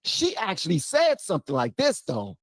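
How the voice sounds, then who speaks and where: A man hosting reaction commentary, exasperated and mocking, swinging from loud outbursts to low mutters. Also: wildly swooping pitch, moderate pace, no room sound. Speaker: commentary host.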